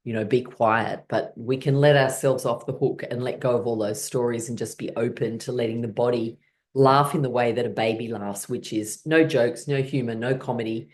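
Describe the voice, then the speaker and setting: A woman's voice: extremely low pitch, fairly even intonation, normal speed, a little mellow. A woman teaching a guided laughter exercise class, coaching her listeners in an encouraging, playful way.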